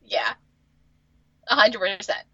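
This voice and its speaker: A woman's voice: slow pace, vocal fry, breathy edge, no echo, lo-fi sound. A woman co-hosting a podcast in casual chat, exasperated and swearing as she reacts. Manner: exasperated, swears, lively pitch swings. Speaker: podcast co-host. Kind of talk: casual chat recapping a TV episode.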